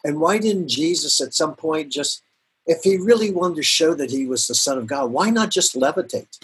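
A middle-aged man speaking as a guest pastor in an earnest, reflective faith conversation, often laughing softly and repeating words. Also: on the high side, lively intonation, normal speed, breathy edge.

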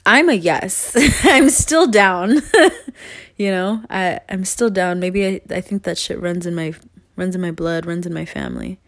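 A woman's voice: on the low side, very animated, a little slow, dry recording. Earnest rambling woman vlogger, dry sound. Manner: rambling, earnest, laughs often, swears casually. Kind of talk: casual monologue to viewers.

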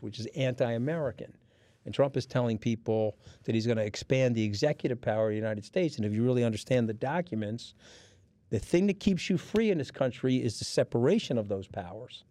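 A man's voice: mid-range voice, a little fast, mellow, dry recording. A middle-aged man with a New York accent, guest on a casual chat show, telling stories bluntly and swearing freely. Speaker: podcast guest. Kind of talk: profane storytelling in casual chat.

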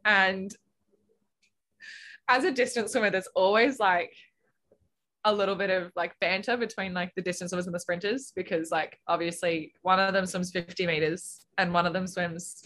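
Animated young woman telling stories. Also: lowish voice, moderate pace. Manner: animated storyteller, acts out quotes, laughs often. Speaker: guest swimmer. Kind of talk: casual interview chat.

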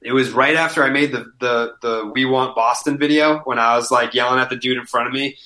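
A man chatting casually as a podcast guest, telling animated stories, swearing freely and saying "like" constantly. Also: mid-range voice, a little fast. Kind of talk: casual chat, storytelling.

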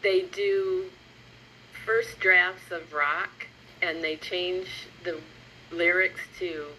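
A woman co-hosting a podcast, chatting casually and eagerly, with halting restarts. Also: on the low side, fairly even intonation, bright, forceful tone, a little hiss or hum, rough recording. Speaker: podcast co-host. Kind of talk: casual chat.

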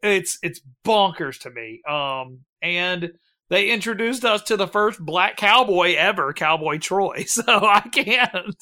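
A man's voice: high-pitched, expressive, slow pace, sharp tone. A man hosting a casual podcast chat, rambling with lots of ums, laughing and swearing as he runs a bracket vote.

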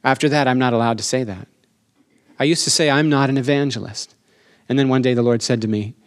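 A middle-aged man preaches a sermon in an animated, emphatic way, often asking for an amen. His voice sits at a middle pitch, and it climbs and slows when he wants a point to land. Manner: animated, emphatic, asks the congregation for amens; slows down for emphasis, rising pitch on key lines. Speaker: pastor.

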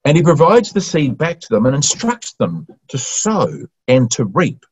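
A man preaching an earnest expository sermon, rising to emphatic questions and then slowing into soft, quiet phrases. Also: on the high side, huge pitch swings, breathy edge. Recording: muffled lo-fi recording.

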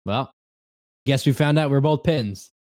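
A young man co-hosting a casual chat podcast, rambling with restarts and quick laughs. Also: mid-range voice, a little mellow, dry recording, clean studio sound. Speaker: podcast co-host.

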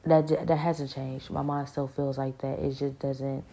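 Low gravelly woman talking through her faith story, lots of restarts and "you know"s, flat dark voice. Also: slight background noise. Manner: halting, many restarts and fillers, earnest. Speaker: speaker sharing a spiritual experience. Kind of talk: personal testimony, casual monologue.

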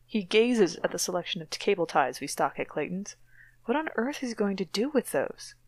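Dramatically performing a novel on a podcast she co-hosts, a woman keeps interrupting herself with sardonic jabs. She speaks briskly in a mid-range voice that is a little mellow and swings widely in pitch.

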